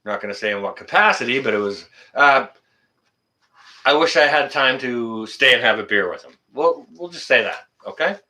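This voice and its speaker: Chatting casually with viewers on a live stream, this host is blunt, jokes around, and swears freely. His voice is bright, forceful, and animated, swinging a lot in pitch at a moderate pace.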